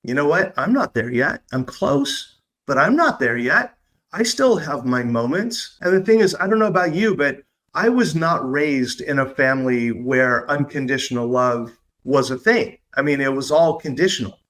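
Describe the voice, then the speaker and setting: A man hosting his own podcast, talking through his experience in an earnest, upbeat, confiding way and slowing down on his key points. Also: mid-range voice, animated, a bit bright. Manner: earnest, upbeat, confiding, with slow emphatic stretches. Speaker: podcast host. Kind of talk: reflective solo podcast talk.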